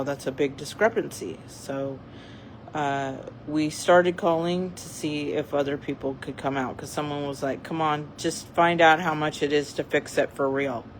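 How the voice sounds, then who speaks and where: Slow, rambling casual talker. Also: mid-range voice, slight background noise, poor audio. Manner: rambling, with many fillers and restarts. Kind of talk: casual chat.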